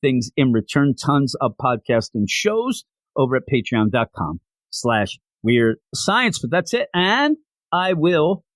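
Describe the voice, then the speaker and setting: A man's voice: mid-range voice, sing-song, slow pace, dry recording. A man hosting a podcast, recapping a comic book in an enthusiastic, rambling way. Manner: enthusiastic, rambling, with many fillers. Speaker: podcast host.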